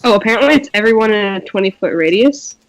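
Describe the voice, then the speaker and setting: A woman's voice: mid-range voice, expressive, fast talker, rough recording. Female player, casual and easygoing, mid-range voice. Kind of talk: casual tabletop game chat.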